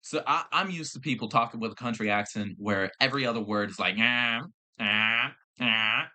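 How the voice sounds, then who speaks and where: A young podcast host with a lowish voice chats casually, telling rambling stories packed with swearing and fillers. He's animated and quick, with a bright, forceful tone.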